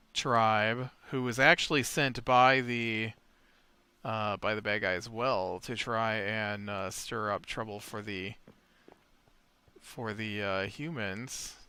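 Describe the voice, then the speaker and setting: Slow, bright, crisp male gamer. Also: mid-range voice, dry recording. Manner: rambling, with many fillers and restarts; retells a tabletop session while building. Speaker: Minecraft let's play host. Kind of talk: casual game commentary and storytelling.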